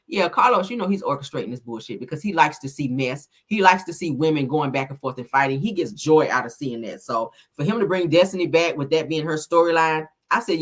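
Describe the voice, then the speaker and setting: A woman's voice: low-pitched, fairly quick, hardly any pauses. A woman hosting a celebrity gossip commentary, blunt, profane and sassy as she reads viewer comments.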